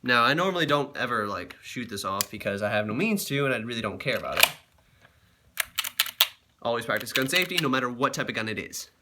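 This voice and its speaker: A man's voice: mid-range voice, animated, a little fast, very noisy. A man vlogging in a casual, crude and joking way, cursing often. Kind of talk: casual vlog commentary.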